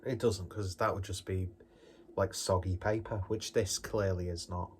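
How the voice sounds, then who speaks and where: Rambling, jokey man, low voice. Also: fairly even intonation, normal speed, a little mellow, a little hiss or hum. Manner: rambling, jokey and self-deprecating. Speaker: beer reviewer. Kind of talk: casual beer review vlog.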